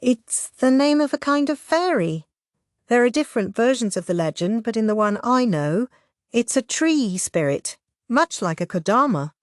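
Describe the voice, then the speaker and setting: Woman voicing a gentle young village woman. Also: on the high side, very animated, normal speed, dry recording, clean studio sound, pitched above the performer's own voice.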